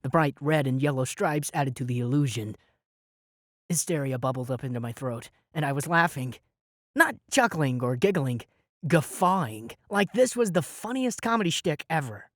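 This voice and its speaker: A young man narrating a fantasy audiobook in the first person with lively, dramatic delivery. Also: a little high, normal speed, no room sound, studio quality. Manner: lively, dramatic storytelling with shouted spells.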